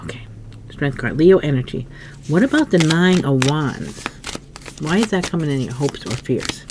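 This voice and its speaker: A woman with a fairly low voice talks through a tarot spread, thinking aloud and pausing to cough or clear her throat. A faint hiss sits under the recording. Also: very animated. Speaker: tarot reader. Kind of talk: casual tarot reading.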